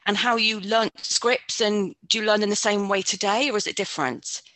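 A woman's voice: medium pitch, fairly even intonation, a bit bright, dry recording. A woman guest-hosting a podcast, asking polite, encouraging interview questions. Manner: polite, encouraging, quick to laugh.

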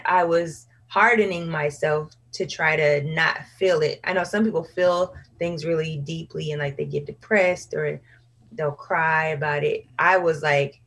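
A woman with a husky, slightly low voice talks openly in a relaxed interview. She chats casually, breaks into laughs, and acts out what she once said to herself and others. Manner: frank, laughs often, quotes herself in lively asides. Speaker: singer, interview guest. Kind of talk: candid casual conversation.

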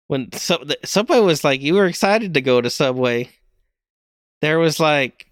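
A man's voice: fairly high pitch, clear, resonant tone, no echo, studio quality. A young man hosting a podcast alone, rambling casually, mocking himself and laughing often. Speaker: podcast host.

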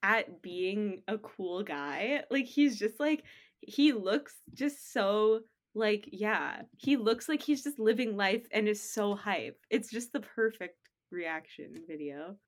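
A woman co-hosting a casual sports podcast, talking in an animated, playful way and laughing often. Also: mid-range voice, slow pace. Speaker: podcast co-host.

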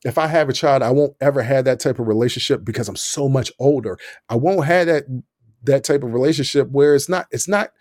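A man's voice: mid-range voice, brisk, no room sound. Laughing man telling a story, dry mic. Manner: animated, laughing often, acts out quotes. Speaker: podcast host. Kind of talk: casual storytelling monologue.

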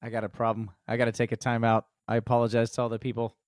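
A man's voice: medium pitch, completely flat delivery, rapid-fire, dry recording, clean studio sound. A man co-hosting a comedy history podcast, reading out notes with profane jokes and asides. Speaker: podcast co-host presenting history. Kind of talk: casual comedic podcast chat.

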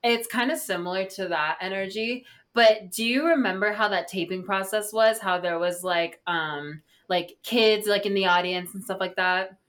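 Young woman, podcast co-host, animated and indignant, medium pitch. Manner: lively, indignant, fast storytelling. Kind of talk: casual chat.

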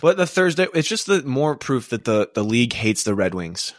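A man co-hosting a podcast, chatting in loose, excitable banter with his friends. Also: medium pitch, moderate pace, no room sound, studio quality. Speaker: podcast co-host. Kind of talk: casual chat.

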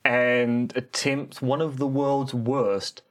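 A man's voice: medium pitch, flat delivery, slow, fairly bright tone. A man with a New Zealand accent, co-hosting a podcast with dry, sarcastic humor. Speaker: podcast co-host. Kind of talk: casual comedic chat.

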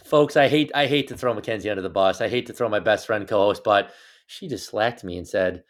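A man's voice: fairly low pitch, brisk. A man co-hosting a sports podcast, making his picks in casual, teasing banter with his co-host. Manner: teasing, jokey, animated banter.

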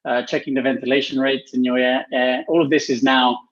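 A man's voice: mid-range voice, flat delivery, a little fast. Panel guest: man on a video call from home, thoughtful, muffled audio. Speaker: panel guest, healthy workplace specialist. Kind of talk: casual panel talk. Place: home office.

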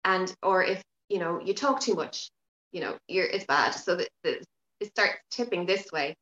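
A woman talking as a podcast guest in casual interview chat, frank and lively, swearing now and then. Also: lowish voice, moderate pace, echoey room, muffled recording. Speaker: podcast guest, yoga teacher.

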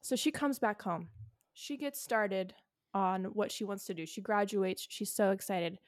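With an animated, medium-pitched voice and a measured pace, a young woman co-hosts a podcast recorded at studio quality without room sound. Her fictional tale meanders in casual chat, and she fills it with endless "like" and "okay."

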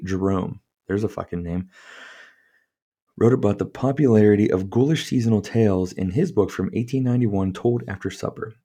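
Low, mellow-voiced man reading aloud. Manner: stumbles over words, swears freely, chuckles at the text. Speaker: podcast host. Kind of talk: reading a book aloud with casual commentary.

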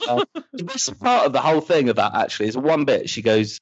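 Guy hosting a podcast, joking around, pitch bouncing everywhere, dry dull sound. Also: fairly quick, dry recording. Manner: animated, jokey storytelling. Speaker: podcast host. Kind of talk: casual podcast chat.

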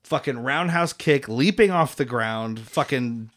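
A man's voice: mid-range voice, animated, measured pace, fairly bright tone. A man casually recapping a movie on a podcast, profane and laughing often, acting out the characters' lines. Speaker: podcast co-host.

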